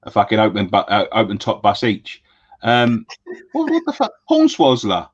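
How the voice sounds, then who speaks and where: A man's voice: fairly low pitch, huge pitch swings, moderate pace, no room sound, lo-fi sound. A man with a London accent co-hosting a fan show in casual, sweary banter, laughing often. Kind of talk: casual pub-style banter.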